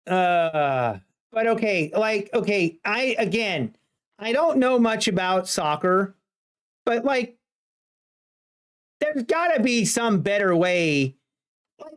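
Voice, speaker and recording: A woman streamer chatting casually to her viewers, ranting in mock exasperation. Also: on the high side. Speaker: livestreamer. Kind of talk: casual livestream chat.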